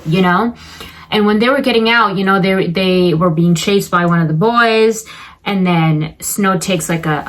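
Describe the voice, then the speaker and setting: A young woman chats casually about a film in a review vlog, full of fillers and occasionally acting out the characters' lines. Her voice is medium-pitched and fairly bright, on a rough recording.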